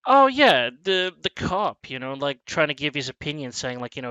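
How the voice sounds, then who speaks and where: A man hosting a casual movie review chat, animated and swearing freely as he acts out scenes. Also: a little high, brisk, hardly any pauses, clear, resonant tone, no echo, dull audio. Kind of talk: casual film discussion.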